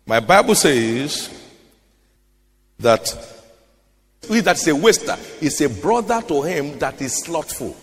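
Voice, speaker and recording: A Nigerian man preaches with a high, lively voice that climbs and drops dramatically. He reads scripture in a slow, half-sung cadence and repeats phrases for weight. His voice rings with long reverb across a large church hall. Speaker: pastor. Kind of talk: sermon.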